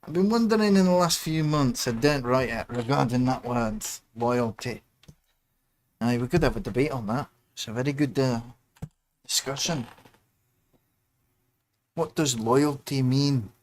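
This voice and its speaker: Man, livestream host, casual rambling chat, muttered asides, mid-pitched voice. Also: unhurried, pauses often, slight background noise.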